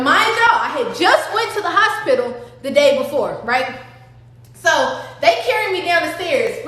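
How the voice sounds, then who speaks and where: A woman with a high, fairly bright voice tells a dramatic, profane personal storytime straight to her viewers as a vlogger. The room she's in is very echoey.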